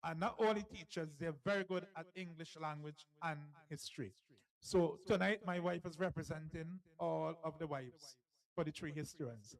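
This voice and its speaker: Jovial author-host, slightly high man's voice, teasing and laughing. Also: moderate pace, low-quality recording. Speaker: author and host of a book launch. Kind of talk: lively live event hosting.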